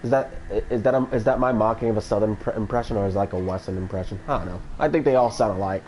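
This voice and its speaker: A man's voice: fairly low pitch, rapid-fire, darkish tone, a little hiss or hum, low-quality recording. Rambling male streamer. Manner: rambling, many restarts and swearing. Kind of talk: casual live-stream chat.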